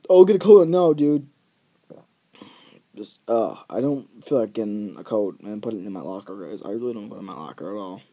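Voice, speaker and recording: A man's voice: sits high, warm tone. A teenage guy vlogging, ranting in an exaggerated, rambling way with lots of fillers. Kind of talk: ranting vlog monologue.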